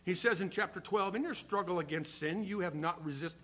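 An older man preaching a sermon, earnest, swinging between loud emphasis and quiet asides. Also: high-pitched, brisk. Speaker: pastor.

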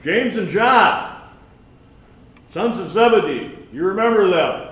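A man giving a conversational sermon with scripture reading, folksy and halting, with many restarts and asides. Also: high voice, animated, a bit bright. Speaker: lay preacher. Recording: echoey room from far off.

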